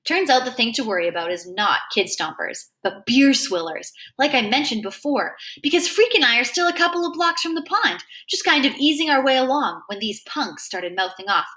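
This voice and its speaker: Animated woman reading a novel aloud. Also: high voice, a little fast, hardly any pauses. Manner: animated first-person narration. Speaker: reader.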